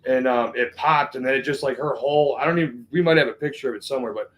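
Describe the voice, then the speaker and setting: A man's voice: medium pitch, quick pace, a bit bright, low-quality recording. A man co-hosting a casual podcast chat, telling stories loosely and reading out viewer messages. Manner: loose, filler-heavy storytelling, reads out viewer messages. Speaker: podcast co-host.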